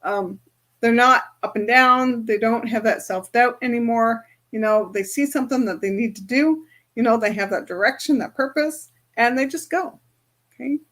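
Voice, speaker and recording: Brief: woman coach, fairly high voice, casual chatty teaching to a group. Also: normal speed, a bit bright. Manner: chatty, often checks in with "right?". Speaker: spiritual and business coach.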